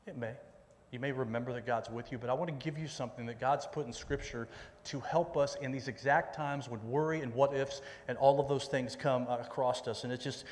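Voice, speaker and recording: A man's voice: mid-range voice, steady tone, a little fast, a little hiss or hum. A middle-aged man preaching a sermon as a pastor, talking conversationally, repeating himself, and dropping folksy asides. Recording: long reverb in a large hall.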